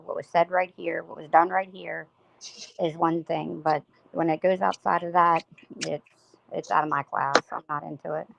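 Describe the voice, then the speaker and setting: A woman's voice: low voice, vocal fry, lo-fi sound. A woman hosting a casual livestream chat, talking bluntly and conversationally. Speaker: livestream host. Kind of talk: casual live-stream chat.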